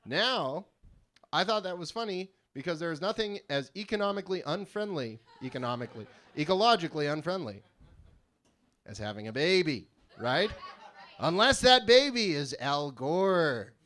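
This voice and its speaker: Deadpan stand-up comedian, rambling. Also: male voice, fairly high pitch, moderate pace. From California. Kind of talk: live stand-up set. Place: small live venue with audience.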